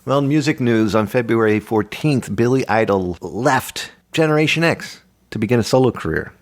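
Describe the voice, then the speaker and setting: A man's voice: medium pitch, lively intonation, normal speed. A man hosting a comic retro news chat, reading facts with dry jokes. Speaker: host of a retro journal show.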